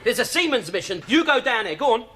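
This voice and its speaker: An actor playing a brash, wisecracking trader with a London accent and quick, cocky banter. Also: male voice, very high-pitched, sing-song, a bit bright, heavily acted. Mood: scornful. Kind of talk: TV sitcom acting.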